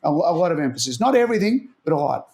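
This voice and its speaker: A man's voice: a little high, big pitch swings, fast, a little mellow. A man who coaches tennis strategy, telling stories animatedly in a casual interview and often repeating words as he thinks. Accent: Australian.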